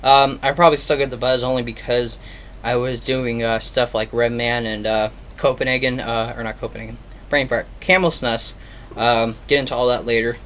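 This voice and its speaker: A man's voice: mid-range voice, flat delivery, normal speed, fairly bright tone, slight background noise. Rambling man, casual reviewer. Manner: rambling, filler-heavy, offhand. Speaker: product reviewer.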